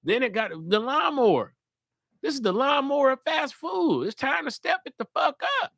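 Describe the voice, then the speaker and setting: A man hosting a live podcast, talking casually with animated, profane energy. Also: very high-pitched, normal speed, gravelly, no echo, studio quality. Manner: animated, profane, jumps into loud put-on voices. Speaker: comedian and podcast host.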